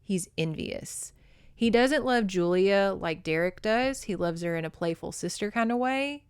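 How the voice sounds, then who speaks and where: A woman's voice: mid-range voice, lively intonation, unhurried, clean tone, no room sound, studio quality. A woman hosting a podcast, recapping a romance novel in a casual, chatty way with swearing and laughing asides. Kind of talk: casual book recap with read-aloud passages.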